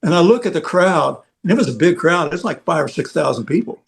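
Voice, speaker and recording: Rambling, higher-voiced storyteller man. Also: lively intonation, brisk, vocal fry. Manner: rambling anecdotal, heavy "you know" fillers. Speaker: veteran rock roadie guest. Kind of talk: casual storytelling on a podcast.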